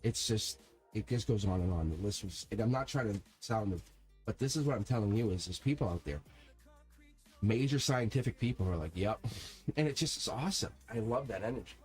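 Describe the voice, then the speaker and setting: A middle-aged man chatting casually as a tarot reader on a live stream, telling a story in a rambling, animated way with many laughs and restarts. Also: lowish voice, brisk, soft background music.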